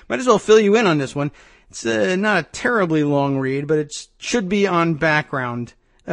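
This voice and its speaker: A man's voice: medium pitch, no room sound. A man hosting a radio talk show, reading news aloud with wry, sarcastic asides into a studio microphone.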